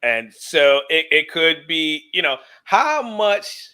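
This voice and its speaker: A man's voice: on the high side, big pitch swings, slow, bright, forceful tone, clear, resonant tone. A man co-hosting a casual commentary on a police video, with frequent restarts and fillers. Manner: stammering restarts, many "you know"s. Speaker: co-host.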